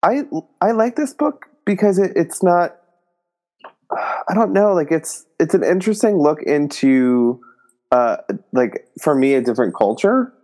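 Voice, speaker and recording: A young man co-hosting a casual book podcast, joking and talking in halting, restarting sentences. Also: a little high, animated, a little mellow. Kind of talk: casual book review chat.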